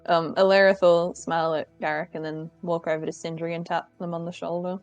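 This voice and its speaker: A woman's voice: fairly low pitch, little pitch movement, brisk, no echo, muffled recording, soft background music. A woman playing a tabletop role-playing game, speaking hesitantly. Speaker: player. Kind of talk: tabletop role-play chat.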